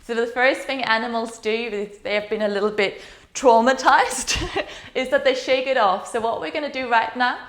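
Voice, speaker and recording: A woman's voice: on the high side, normal speed, a bit bright. Soothing woman guiding a yoga flow, roomy echo. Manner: soothing, encouraging guidance. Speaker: yoga teacher. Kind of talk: guided yoga instruction.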